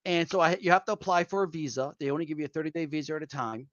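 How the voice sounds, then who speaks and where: A man with a Boston accent, a veteran telling animated stories in casual chat and calling his listeners folks. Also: a little high, very fast, no echo. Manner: animated anecdotal storyteller, addresses listeners as folks. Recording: dull lo-fi audio.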